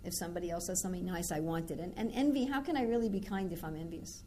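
A woman with a lowish, mellow voice talks at a racing pace, with a little hiss or hum in the audio. She's a spiritual teacher giving an informal scripture class, speaking conversationally and acting out everyday dialogues.

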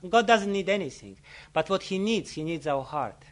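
Guy with a higher voice giving a sermon, earnest, laughs a lot, lots of ums. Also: expressive, normal speed. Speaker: religious teacher. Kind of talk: sermon with storytelling.

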